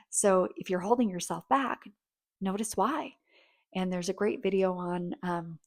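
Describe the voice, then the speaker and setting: Vrouw met krakerige stem die kletsend advies geeft. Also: female voice, mid-range voice. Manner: chatty and rambling, acts out sweet thank-yous. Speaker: relationship coach. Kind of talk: casual advice talk.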